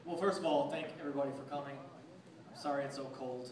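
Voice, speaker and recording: A man's voice: mid-range voice, steady tone, a little fast. A man, the groom, gives a short, plain-spoken thank-you speech at his wedding reception. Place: chilly outdoor wedding venue. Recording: echoey, distant mic, crowd and noise.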